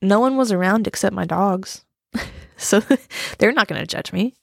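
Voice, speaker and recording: Gravelly-voiced woman in a confessional vlog. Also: medium pitch, moderate pace, no echo, studio quality. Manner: rambling, self-deprecating, with nervous laughs and many fillers. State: choked up, close to tears. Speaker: vlogger talking about grief. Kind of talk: casual confessional chat.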